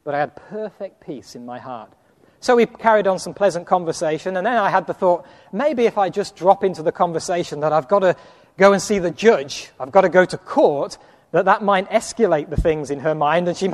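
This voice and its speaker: A man preaching, telling a personal anecdote in an animated storytelling sermon with acted-out quotes. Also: sits high, long reverb tail.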